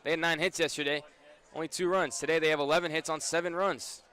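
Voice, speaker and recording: A young man doing brisk radio play-by-play of a baseball game, his voice rising on big plays. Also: on the high side, fairly even intonation, pushed and bright, clear, resonant tone. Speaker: play-by-play announcer.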